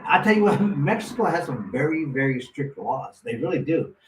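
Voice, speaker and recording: Man guest, lively storyteller, slightly high voice, echoey room, off-mic with faint hiss. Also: normal speed. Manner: animated, acts out quotes with lots of restarts. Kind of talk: casual storytelling. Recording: roomy echo, mic at a distance, faint noise.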